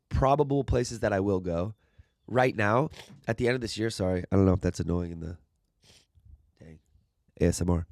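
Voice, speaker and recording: A man's voice: fairly low pitch, darkish tone, dry recording, studio quality. A young man casually answering viewer questions in a rambling, upbeat way, sometimes losing his train of thought. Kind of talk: casual Q and A monologue.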